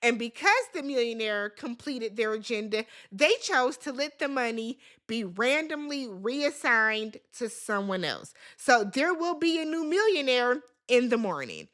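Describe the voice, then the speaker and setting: A woman hosting a casual recap vlog, talking in an animated, gossipy and emphatic way and swearing freely. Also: a little high, measured pace, few pauses. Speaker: reality TV recap host.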